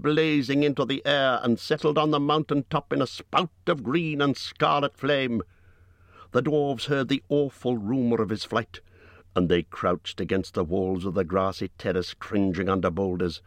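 A man reading an audiobook in measured, dramatic storytelling, recorded on a close studio mic. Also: on the low side, no echo. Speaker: audiobook narrator. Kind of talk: scripted audiobook narration.

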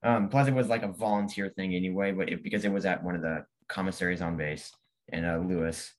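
A teenage boy talks casually as an interview guest. His voice sits a little low for his age, and he speaks animatedly, often putting on the voices of people in his stories. He laughs readily as he goes. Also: steady tone, fast talker. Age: late teens. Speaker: guest, young author.

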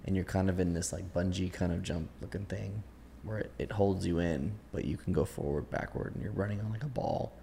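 A man's voice: sits low, steady tone, a little fast, vocal fry, few pauses, dark tone, slight background noise. A man hosting a podcast, chatting casually and thinking aloud with lots of fillers. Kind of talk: casual chat.

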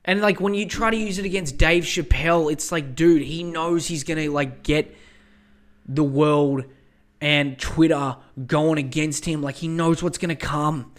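A man hosting a podcast who rants with profane, excitable energy, often slipping into exasperation. His voice sits a bit high for a man. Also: unhurried. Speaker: podcast host. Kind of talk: casual ranting podcast talk.

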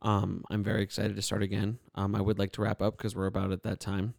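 A young man hosting a casual podcast chat, relaxed and rambling with lots of fillers. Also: on the low side, fast, gravelly, dry recording, studio quality. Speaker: podcast host.

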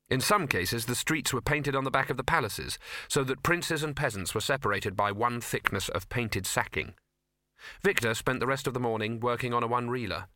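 Bright, dry male audiobook narrator. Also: mid-range voice, no echo. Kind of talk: scripted narration.

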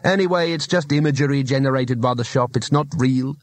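A man voicing a fussy, salesy little male shopkeeper with a chatty, brisk manner. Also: medium pitch, dry recording, close to an everyday voice.

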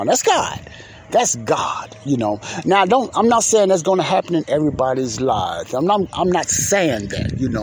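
A man's voice: medium pitch, noisy background. Folksy, preacherly podcast man. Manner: folksy, preacherly, repeats phrases for emphasis. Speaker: podcast host. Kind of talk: casual faith-based advice monologue.

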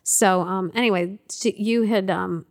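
A woman's voice: medium pitch, fairly even intonation, measured pace. A woman, the host's mother, telling a family story in conversation with many fillers and restarts.

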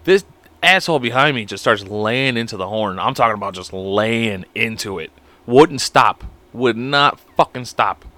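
A man's voice: mid-range voice, animated, moderate pace, sharp tone, dry recording. A man hosting a podcast alone, rambling in a crude, profane, self-mocking way. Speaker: podcast host. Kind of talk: casual solo podcast chat.

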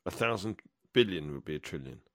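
A young man hosts a casual podcast, teasing his friends and laughing often. His voice sits at a middle pitch with lots of lift and fall. The sound is dry. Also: expressive, fairly quick, fairly bright tone, no room sound. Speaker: podcast host. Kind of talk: casual chat.

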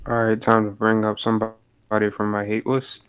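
A young man with a somewhat low voice telling a story in casual chat. He is animated and acts out each exchange as he goes. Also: moderate pace, clean tone.

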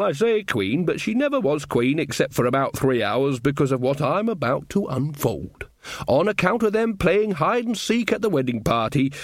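A man's voice: a little high, no room sound, clean studio sound, voice pushed up. A man voicing a cheerful, earthy old witch woman who coaxes and gossips in a broad, chatty way.

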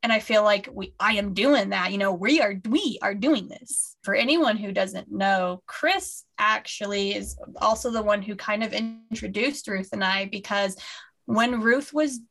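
A woman's voice: medium pitch, measured pace, vocal fry, fairly bright tone. A woman co-hosting a fan podcast in casual chat, gushing and rambling with many restarts over a remote call. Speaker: podcast co-host.

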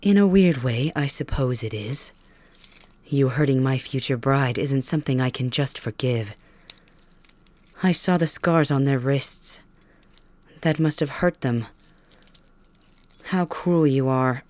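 A woman's voice: rumbling low, slow, long pauses, dry recording. Woman playing cold cruel young king Todoroki. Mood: coldly cruel. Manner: calm, mocking, menacing. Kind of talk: ASMR audio role-play.

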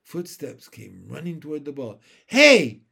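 Male narrator for children's book, slow, lively pitch, slightly high. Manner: expressive, unhurried. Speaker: storyteller. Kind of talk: children's book read-aloud.

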